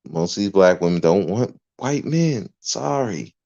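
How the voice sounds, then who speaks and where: A man hosting a livestream, ranting emphatically and swearing freely. His voice sits very low, and the muffled lo-fi recording dulls its edges. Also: expressive, unhurried, vocal fry, dark tone. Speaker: podcast host. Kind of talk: livestream rant. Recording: dull lo-fi recording.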